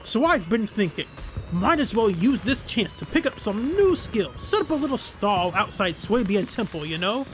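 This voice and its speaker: A streamer voicing a relaxed, chatty panda man who is frugal, in near their own voice. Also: medium pitch, moderate pace, slight background noise. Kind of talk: voicing game dialogue aloud.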